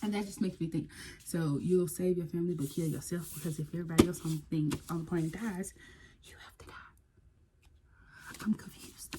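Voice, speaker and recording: A woman chatting casually and excitedly about books she bought, sometimes reading blurbs aloud. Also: low-pitched, noisy background. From United States. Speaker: book vlogger. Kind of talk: casual book haul chat.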